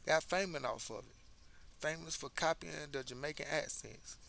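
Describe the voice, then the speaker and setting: A man's voice: fairly high pitch, moderate pace, creaky, a bit bright. A man from the United States hosting a casual commentary monologue, talking emphatically and repeating words as he restarts his sentences. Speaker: commentary host.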